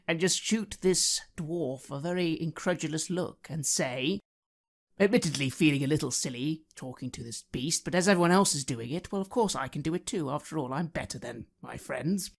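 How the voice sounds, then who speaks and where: A woman player describing her character's actions in a tabletop role-playing game, playfully. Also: deep voice. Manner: lively, playful player narration.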